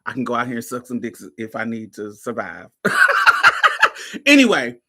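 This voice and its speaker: A woman's voice: extremely low pitch, very animated, normal speed, a bit bright. A woman hosting a casual talk show, telling a story to her listeners in a blunt, profane way and laughing often. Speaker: host.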